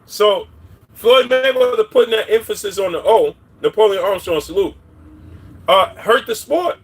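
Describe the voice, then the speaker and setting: This boxing livestream host speaks in a high-pitched, slightly rough voice at a moderate pace. He's casual, wanders through his views on boxing, and calls out viewers by name.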